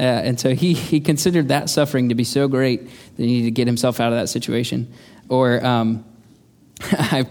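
Male preacher, mid-range voice, casual and halting delivery, dry self-deprecating humor. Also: medium pitch, darkish tone. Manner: halting, restarts phrases often. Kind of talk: conversational sermon.

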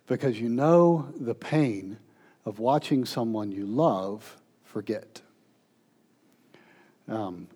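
A man, a pastor, telling stories in a sermon, turning from playful to hushed and tender. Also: mid-range voice.

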